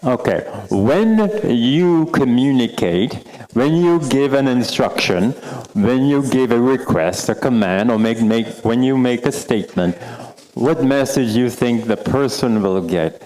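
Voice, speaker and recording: A man's voice: medium pitch, measured pace, rough recording. A Bahamian man leads a workshop session, his voice sitting in a middle register. He teases the room and repeats key phrases to drive his points home. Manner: animated, teasing, repeats phrases for emphasis. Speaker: workshop presenter. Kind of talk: interactive workshop talk. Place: meeting room with live audience.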